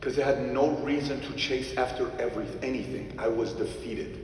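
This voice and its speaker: A man's voice: medium pitch, steady tone, normal speed, slight background noise. Emphatic man in an echoey hall, distant. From Iran. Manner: emphatic, swings between loud outbursts and quiet asides. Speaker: speaker telling a personal story. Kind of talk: animated storytelling to a live audience.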